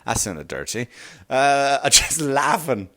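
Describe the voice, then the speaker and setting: A man's voice: mid-range voice, big pitch swings, takes it slowly, bright, forceful tone. A middle-aged man hosting a comedy podcast, riffing in a rambling, profane monologue and laughing at his own jokes.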